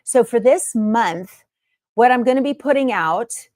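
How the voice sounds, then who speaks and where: A woman's voice: on the high side, animated, a little slow, a little mellow, dry recording. Chatty woman, dry close sound. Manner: chatty and homey, many fillers. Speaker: sewing channel host. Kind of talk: casual chat to camera. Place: home sewing room.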